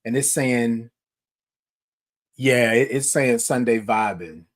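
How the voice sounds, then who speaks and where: A man's voice: mid-range voice, slow. A man hosting a live morning show, chatting casually with viewers, talking to them directly and often repeating himself. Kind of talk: casual livestream chat.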